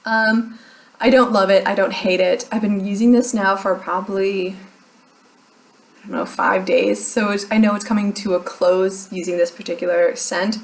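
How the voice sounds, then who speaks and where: A woman's voice: mid-range voice, steady tone, measured pace. Chatty self-mocking woman beauty vlogger. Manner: chatty, self-deprecating, laughs often. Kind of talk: casual chat.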